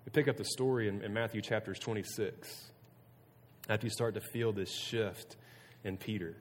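A youth pastor giving a casual sermon to students, earnest and conversational, often restarting sentences. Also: male voice, on the low side, moderate pace. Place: room with a student audience. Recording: long reverb of a hall.

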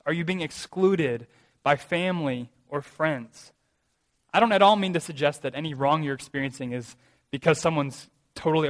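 In a large hall, a pastor preaches a sermon with earnest emphasis, putting rhetorical questions to his listeners. His voice has a fairly high pitch.

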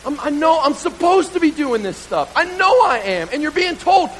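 A man preaching a sermon through a comic, self-mocking story, animated and building to loud bursts. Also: extremely high pitch, normal speed, slight background noise, poor audio.

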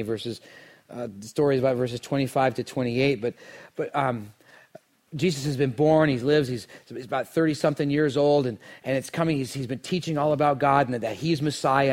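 A man preaching a sermon, telling the story dramatically and swinging from hushed lines to near shouts. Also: medium pitch. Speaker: pastor.

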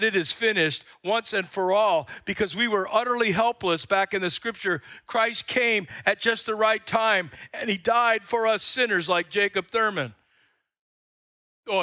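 An older man preaching a sermon as pastor, telling stories with lively acted-out quotes and frequent repeated words. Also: high voice, no room sound, clean studio sound. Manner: animated storytelling, acts out quotes.

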